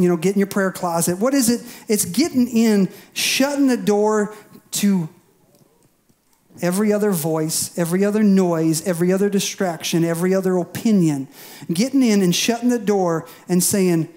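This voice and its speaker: A male pastor giving a sermon in a conversational, folksy way, at times acting out quick voices to make a point. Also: sits high, mellow. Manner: bursts into acted voices for emphasis.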